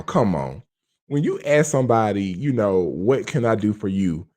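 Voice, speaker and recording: A man's voice: medium pitch, big pitch swings, unhurried, a little mellow. A man hosting a reaction video, exclaiming at what he watches and talking straight to his viewers. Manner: exclaiming, talks to viewers directly. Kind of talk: casual reaction commentary.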